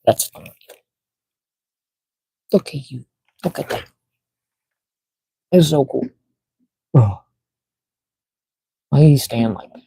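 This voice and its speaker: Slow, mellow-voiced man unboxing toys. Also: medium pitch, animated, vocal fry, husky, no room sound, rough recording. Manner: muttering to himself while fiddling with packaging. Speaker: toy collector streamer. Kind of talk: casual live-stream unboxing chat.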